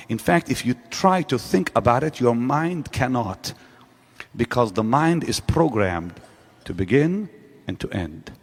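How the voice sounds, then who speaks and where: A man's voice: medium pitch, animated, a little slow. A man preaching a sermon to a live audience in a large church auditorium, driving his point home with repeated rhetorical questions. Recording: long reverb of a large hall.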